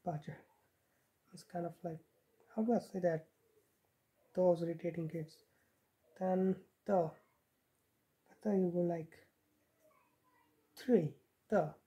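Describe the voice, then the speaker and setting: A woman from Himachal Pradesh, India, casually teaches a handwriting script at home, counting each stroke aloud as she writes. Her voice is lowish, steady, and warm, and she speaks slowly with frequent pauses.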